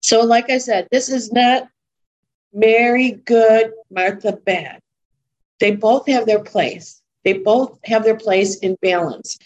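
A woman's voice: fairly high pitch, slow, dull audio. A woman preaching a sermon in an earnest, conversational way, repeating points for emphasis.

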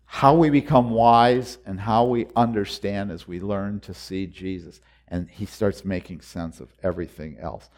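A man preaching a sermon, earnest and repetitive, moving between quiet reflective lines and loud urgent exhortations. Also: fairly low pitch, a little slow, hardly any pauses.

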